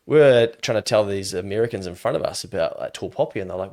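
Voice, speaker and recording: Animated New Zealand man, lowish voice. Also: fast talker, few pauses. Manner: animated storyteller who acts out quoted voices. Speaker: business adviser guest. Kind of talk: casual podcast interview.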